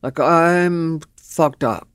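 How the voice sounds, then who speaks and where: A woman's voice: low-pitched, very slow, clean tone, no echo. A woman voicing a drunk, weaving man who pleads for a ride home in slurred speech. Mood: pleading.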